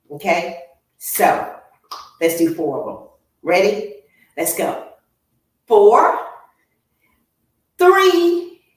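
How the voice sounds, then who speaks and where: A woman fitness instructor guides a workout at an unhurried pace, counting down reps and coaching posture with steady encouragement. Her voice sits a little away from the mic. The room around her rings with heavy echo. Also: mid-range voice. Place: home exercise room. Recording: echoey room, voice from far off.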